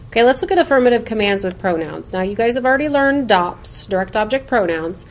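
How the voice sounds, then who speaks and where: A woman teaching Spanish in a recorded lesson, explaining clearly and patiently and chanting word lists in a sing-song rhythm. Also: a little high, lively intonation, fast talker, few pauses, a little hiss or hum.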